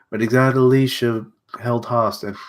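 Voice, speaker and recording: Brief: young male streamer, unhurried, crude jokes between panels, stuffy nose. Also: medium pitch. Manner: crude, joking asides. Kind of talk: live comic readthrough with reactions.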